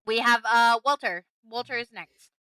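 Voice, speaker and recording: A woman's voice: a little high, normal speed, bright, forceful tone, rough recording. A woman moderating a livestream panel, chattily reading fan questions aloud with small hesitations. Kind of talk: casual livestream hosting.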